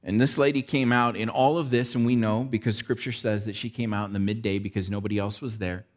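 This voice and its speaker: A man's voice: fairly low pitch, fairly even intonation, fast. A male pastor preaching a sermon in a casual way, checking in with the listeners by asking "right?". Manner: conversational preaching with frequent "right?" check-ins.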